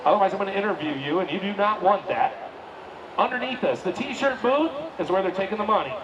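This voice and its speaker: A man announcing a tractor pull live, joking folksy banter with drawn-out hype calls. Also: high-pitched, animated, highs cut off, a crowd in the background. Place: outdoor tractor pull track. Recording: distant PA at a loud outdoor event.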